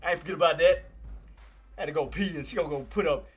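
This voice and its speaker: A young man on a casual live stream, cheering market moves with loud excitement and turning soft and emotional. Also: fairly high pitch, rapid-fire, slightly rough. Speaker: live streamer talking stocks. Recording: faint music behind.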